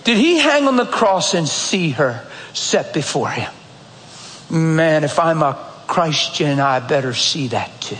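A male pastor preaching a sermon in a church, telling stories in a direct, animated, conversational way. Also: fairly high pitch, unhurried. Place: church sanctuary. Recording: echoey church hall, faint ambience.

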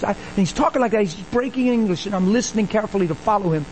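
High-voiced, animated male preacher. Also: rapid-fire, few pauses, a little hiss or hum, rough recording. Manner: animated, acts out dialogue, rises in pitch when excited. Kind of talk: sermon with storytelling.

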